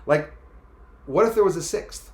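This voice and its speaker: A Canadian man hosting a live stream, chatting casually in a rambling, animated way and reading out viewer comments. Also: a little high, normal speed, reverberant. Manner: animated, rambling, talks back to chat.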